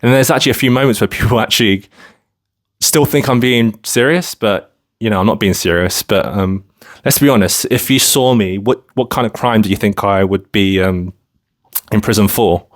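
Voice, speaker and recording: A man's voice: fairly low pitch, moderate pace. A man from London talking casually to camera in a rambling vlog monologue, full of filler phrases. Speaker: vlogger.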